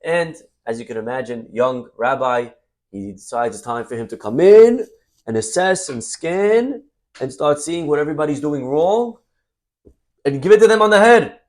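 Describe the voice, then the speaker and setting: A man giving a Torah sermon as a story, swinging between loud emphasis and soft asides. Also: a little high, expressive, moderate pace. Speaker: rabbi teaching Torah.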